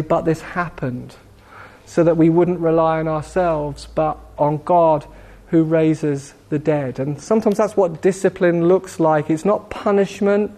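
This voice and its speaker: A man preaching a sermon in a slow, measured way with dramatic pauses, gently voicing God's questions. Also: fairly high pitch. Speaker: pastor.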